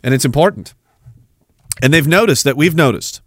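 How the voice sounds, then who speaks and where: This livestream podcast host reads chat comments aloud, rants with sarcasm, and laughs at his own bits. His expressive voice is on the high side and fairly bright, at a normal pace, with clean studio sound and no echo.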